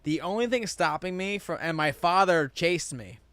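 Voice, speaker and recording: A man's voice: a little high, lively intonation, moderate pace, fairly bright tone, dry recording. A man hosting a podcast in casual chat, telling stories animatedly, acting out quotes and swearing freely, recorded outdoors. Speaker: podcast host.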